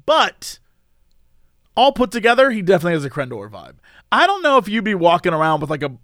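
A man co-hosts a casual podcast, spinning animated stories and acting out what people said. His voice is high and quick, captured in studio quality with no echo.

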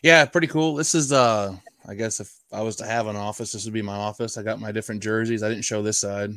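A man's voice: on the low side, fairly even intonation, fast, bright, forceful tone. A man talking as a guest on a video-call chat show, easygoing and laid-back. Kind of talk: casual chat.

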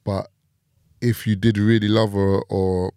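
A man's voice: fairly low pitch, level tone, unhurried, dark tone, smooth, dry recording, clean studio sound. A young man with a London accent, a podcast guest talking things through in a thoughtful, laid-back casual chat. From England.

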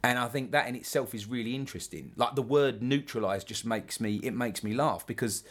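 A man's voice: medium pitch, brisk, fairly bright tone. A man with a London accent, talking through ideas in a casual discussion, reflective and rambling with asides.

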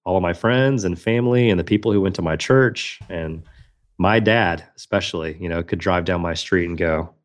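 Man, very low voice, earnest storyteller, podcast guest. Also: moderate pace. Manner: earnest, reflective, with frequent restarts. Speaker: guest, magician and speaker.

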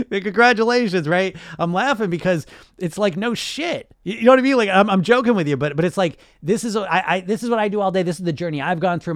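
A man's voice: a little high, no room sound, studio quality. A man hosting a casual podcast monologue as a weight loss coach, blunt and sarcastic, and he swears freely.

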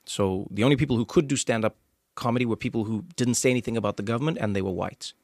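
A man with a South African accent, hosting a casual conversation and telling stories with lively acted-out quotes. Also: medium pitch, fast, no echo, studio quality. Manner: animated storyteller, acts out quoted voices. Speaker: podcast host.

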